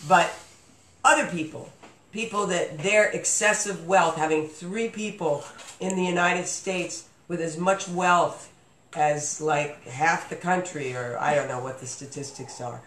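A man's voice: a little high, a little slow, fairly bright tone. A man hosting a casual podcast chat, rambling with lots of fillers and restarts. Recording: echoey room with faint noise.

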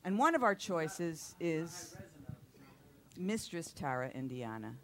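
A woman's voice: deep voice, big pitch swings, slow. A middle-aged woman hosting a studio talk show, chatty and rambling, often repeating herself. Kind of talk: casual chat show hosting. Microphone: studio mic with headphones.

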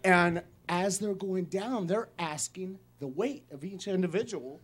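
A man, a guest comedian, telling a joke story in a casual, animated way. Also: high-pitched, unhurried, slightly rough.

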